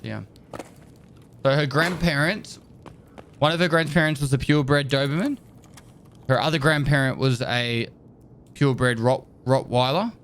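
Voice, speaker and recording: A man's voice: mid-range voice, measured pace, long pauses, fairly bright tone, slight background noise. A man chatting casually to his livestream viewers, rambling and tripping over words, laughing and swearing as he goes. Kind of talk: casual chat with chat.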